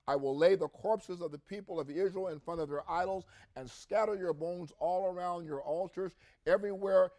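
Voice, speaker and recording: Co-hosting a religious podcast on a podcast mic, a man with a high-pitched, slightly mellow voice reads scripture aloud with rising emphasis and adds his own comments.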